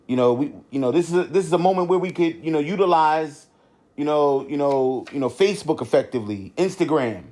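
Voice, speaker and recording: A man's voice: fairly high pitch, lively intonation, fairly quick, a little mellow. A middle-aged man hosting a podcast, talking off the cuff in a rambling way, with many restarts and constant "you know" fillers. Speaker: podcast host. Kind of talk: unscripted podcast monologue.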